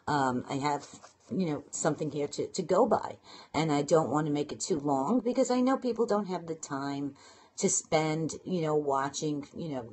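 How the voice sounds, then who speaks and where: A woman with a Brooklyn accent talking casually to viewers on a live stream, quick and chatty with lots of fillers and restarts. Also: low-pitched, a little mellow, slightly rough. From Brooklyn, New York. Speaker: blogging and marketing coach. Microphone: phone or webcam live stream.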